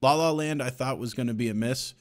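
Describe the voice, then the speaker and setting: A man's voice: medium pitch, fairly quick. A man co-hosting a podcast in casual chat, telling stories with profanity and laughing asides. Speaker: podcast co-host.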